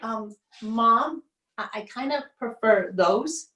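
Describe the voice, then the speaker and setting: Actress doing a shy, pleading little girl, high voice, roomy and distant. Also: slow, fairly bright tone. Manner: hesitant, pleading. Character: young girl, pleading and unheard. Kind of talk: solo stage performance. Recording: roomy stage sound, mic far off.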